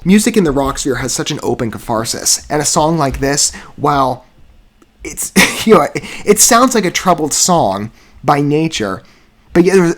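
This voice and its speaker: A man hosting a music reaction channel, reviewing a rock song in wordy, searching sentences with frequent restarts and soft laughs. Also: medium pitch.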